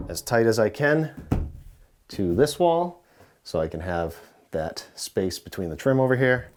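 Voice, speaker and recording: A man hosting a casual how-to, talking relaxed while he works with tools and now and then dropping into mutters. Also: mid-range voice, background noise. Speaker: DIY home renovation host. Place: indoor pantry under renovation.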